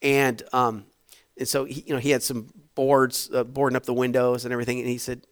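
A man preaching a sermon, telling a story in a loose, conversational way, with fillers and restarts and sudden swings between quiet asides and loud bursts. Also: medium pitch, little pitch movement, fairly quick, no room sound, clean studio sound.

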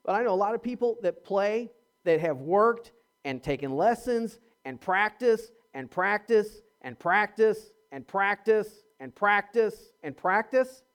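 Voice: mid-range voice, animated, unhurried. A pastor preaching a sermon, emphatic, repeating words and restarting phrases, and asking the congregation rhetorical questions. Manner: swings from quiet asides to near-shouting.

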